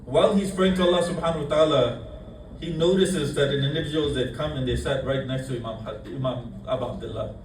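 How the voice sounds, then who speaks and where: A man's voice: medium pitch, quick pace, a little mellow, slight background noise. A man delivering a mourning sermon to a congregation, addressing brothers and sisters and retelling a story in quoted speech. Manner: addresses the congregation, voices quoted figures in the telling. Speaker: speaker at a mourning gathering. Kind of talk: mourning sermon with chanted salutations. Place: mosque hall. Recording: echoey hall, voice from a distant mic.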